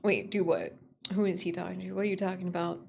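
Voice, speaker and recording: A young woman streamer chatting casually with her viewers, rambling and giggling with sudden jumps in pitch, her voice a little strained from overuse. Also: level tone, fast, creaky, a little mellow, a little hiss or hum. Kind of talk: casual live-stream chat.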